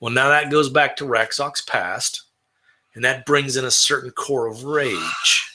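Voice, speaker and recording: A man from Texas rambles through a casual talk about roleplaying, circling back and restarting his sentences. His voice is very bright and sharp-edged, sitting at an ordinary middle pitch. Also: unhurried. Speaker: tabletop roleplayer.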